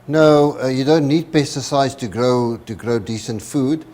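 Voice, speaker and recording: A man's voice: medium pitch, measured pace, a little mellow. A man from South Africa with a South African accent, explaining step by step as a guest on a cooking demonstration. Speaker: guest cook.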